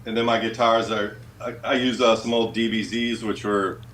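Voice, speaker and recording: Laid-back Minnesota guitarist. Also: male voice, fairly low pitch, flat delivery, normal speed, fairly bright tone, a little hiss or hum. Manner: laid-back, laughing, loose storytelling. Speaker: guest musician, guitarist. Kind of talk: casual interview.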